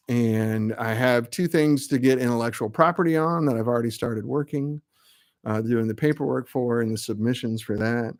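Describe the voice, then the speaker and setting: A middle-aged man, an amp builder, chatting casually and rambling with self-mocking asides while hosting his live web show. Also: medium pitch. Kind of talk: casual live-stream chat.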